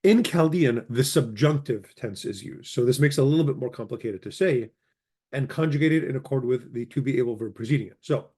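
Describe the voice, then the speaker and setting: A man teaching a language lesson with an easygoing, conversational delivery. He stops to spell out each form and repeats the conjugations slowly and carefully. His voice sits at an ordinary, middle pitch for a man. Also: slightly rough. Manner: relaxed explaining, repeats word forms slowly. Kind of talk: casual grammar lesson, reciting conjugations.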